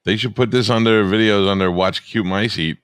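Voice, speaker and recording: A man's voice: lowish voice, steady tone, a little fast, clean tone, no room sound, studio quality. A man who hosts a radio show, chatting casually on a podcast and telling long, profane, rambling stories.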